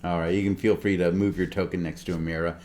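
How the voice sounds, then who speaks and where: Low-voiced male game master, relaxed, casual narration. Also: fast talker, slight background noise. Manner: relaxed, filler-heavy narration. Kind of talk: running a tabletop game.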